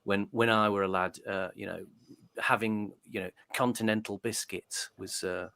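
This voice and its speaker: Low, gravelly man with a flat RP accent, dry wit. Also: moderate pace, no echo. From England. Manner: dry, wry remarks. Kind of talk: casual chat. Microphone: remote video call.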